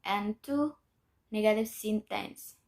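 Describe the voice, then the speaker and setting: A woman's voice: medium pitch, slow pace, vocal fry, darkish tone. A young woman, a student, reading a grammar lesson aloud in a careful, methodical way with small restarts. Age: young adult. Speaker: student presenter.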